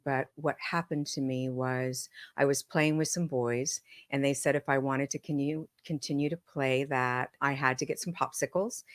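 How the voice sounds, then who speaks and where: Low-voiced woman telling a story. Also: dry recording, studio quality. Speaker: podcast guest, medium and author. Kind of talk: storytelling in an interview.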